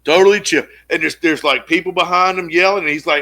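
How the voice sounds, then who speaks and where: Man, podcast co-host, gravelly voice, bright tone, animated storytelling, casual swearing. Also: a little high, fast.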